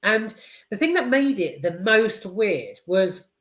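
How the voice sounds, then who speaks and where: A woman's voice: mid-range voice, slow. A woman gives a rambling film review. She swears and often trips over her words. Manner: rambling and animated, sweary, many hesitations. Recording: roomy echo.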